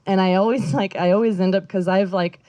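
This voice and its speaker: A woman's voice: mid-range voice, fairly even intonation, fairly quick, warm tone, dry recording. A woman doing a stand-up comedy set outdoors in a backyard, rambling and self-deprecating, with lots of fillers and her own laughter. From Northern California.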